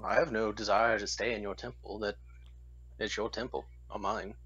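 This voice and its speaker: A man playing a tabletop game, speaking in a deliberate, low-key way. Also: fairly even intonation, a bit bright, slightly rough. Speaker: player. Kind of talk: casual tabletop play. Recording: dull lo-fi sound.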